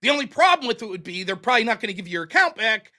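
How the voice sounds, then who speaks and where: A man hosting a live stream, telling a story in a casual, animated, profane and self-mocking way. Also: extremely high pitch, racing. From United States. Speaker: streaming show host.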